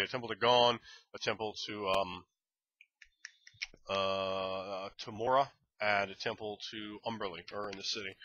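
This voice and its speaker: A man's voice: lowish voice, bright, forceful tone, dull audio, a little hiss or hum. A man giving a casual, enthusiastic and rambling review of a tabletop game book.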